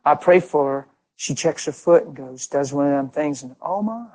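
A man's voice: on the high side, fairly even intonation, normal speed, a little mellow, low-quality recording. Emphatic man preaching in a conversational, story-driven style. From Pennsylvania. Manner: emphatic, asks rhetorical questions and answers them.

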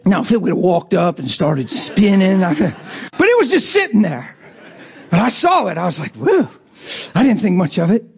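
A husky middle-aged man delivers a storytelling sermon in a fairly high voice. He throws himself into the tale, slips into the voices of the people he met and breaks into laughter along the way. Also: moderate pace. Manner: animated storytelling, acting out quoted voices, laughing often. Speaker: preacher.

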